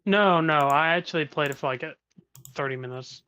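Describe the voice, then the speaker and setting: A man making relaxed, offhand remarks at a tabletop game session. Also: a little high, fairly quick, clean tone. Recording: muffled lo-fi with faint noise, far from mic.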